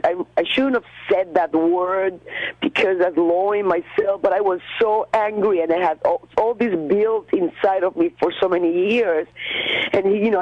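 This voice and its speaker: A woman from Cuba, a radio guest, recounting an encounter in an animated, halting way with many restarts and fillers. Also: mid-range voice, no room sound, lo-fi sound. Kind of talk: phone-in storytelling.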